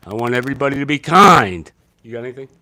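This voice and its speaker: A man's voice: mid-range voice, lively intonation, quick pace, sharp tone, poor audio. A man hosting a casual live stream about his oyster farm, talking in an exuberant, rambling way with many restarts.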